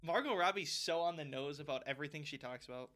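A young man co-hosting a podcast in casual chat, rambling with lots of fillers and getting loud when excited. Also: a little high, quick pace, over a noisy crowd. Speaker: podcast co-host.

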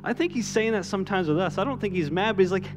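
Conversational pastor preaching over guitar. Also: male voice, high voice, fast, big-room sound. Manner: conversational, repeats words, acts out quotes. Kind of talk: sermon. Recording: guitar music underneath.

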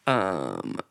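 A man's voice: low-pitched, gravelly, pushed and bright, no echo, clean studio sound. A young man in casual podcast chat, telling anecdotes, laughing often and swearing freely. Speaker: podcast co-host.

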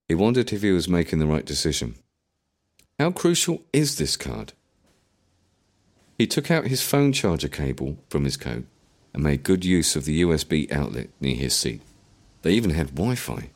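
A man narrating an audiobook in an expressive storytelling manner. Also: a bass voice.

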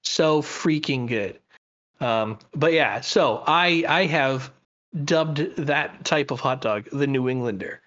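A man's voice: medium pitch, takes it slowly, fairly bright tone, dull audio. A man co-hosting a podcast, chatting casually and enthusiastically with lots of fillers and restarts. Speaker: podcast co-host.

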